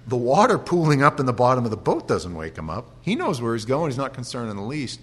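A male pastor giving an animated sermon with humorous stories and frequent restarts. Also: medium pitch, fast, husky.

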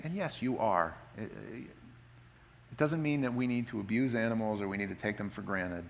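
A man preaching a sermon in an animated, folksy way, reading scripture slowly and solemnly between joking asides. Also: on the low side, slight background noise. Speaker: pastor.

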